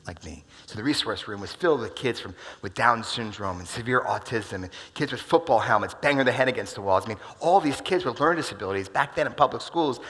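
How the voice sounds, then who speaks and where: A man in his forties giving a motivational keynote talk, telling stories dramatically and swinging from loud bursts to hushed asides. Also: fairly low pitch, slightly rough. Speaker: keynote speaker. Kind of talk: motivational stage storytelling. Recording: long hall reverb.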